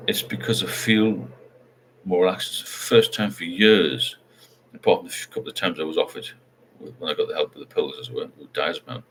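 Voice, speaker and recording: An older man hosts a casual live chat, his voice sitting low with a steady tone, a little fast and a bit bright, over slight background noise. He reads viewer comments, talks frankly, rambles, and often ends with tag questions.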